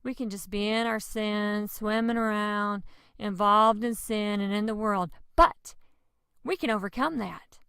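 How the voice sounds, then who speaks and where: An animated woman preaching with gravelly edges. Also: mid-range voice, measured pace, dry recording, studio quality. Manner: animated and expressive, with sudden loud exclamations. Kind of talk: lively children's-style devotional teaching.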